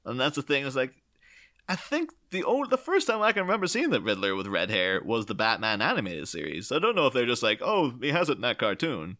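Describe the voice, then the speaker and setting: Animated man chatting about film. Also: mid-range voice, quick pace. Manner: animated, acts out quotes. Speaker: podcast host. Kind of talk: casual film discussion.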